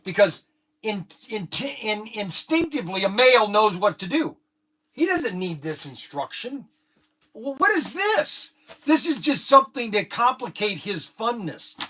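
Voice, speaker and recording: Animated middle-aged shop owner storytelling. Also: male voice, high voice, measured pace, a little hiss or hum. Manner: animated, rambling storytelling with many restarts. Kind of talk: casual talk to camera. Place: hobby shop.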